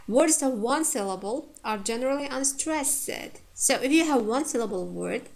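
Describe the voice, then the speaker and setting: A woman teacher lecturing on word stress, repeating each example word and pausing on frequent fillers. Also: sits high, expressive, vocal fry. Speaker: English phonetics teacher.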